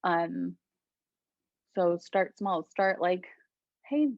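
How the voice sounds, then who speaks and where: A woman from Colombia, a guest healer, talking gently and reflectively in a casual interview, often laughing. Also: on the low side, normal speed, dry recording, highs cut off.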